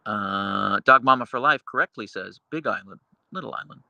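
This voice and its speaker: With a lowish voice, vocal fry and a sharp tone, a man reads chat on his live stream at normal speed. The recording has no room sound and the highs are cut off. He rambles with lots of fillers and occasionally talks baby talk to his dogs.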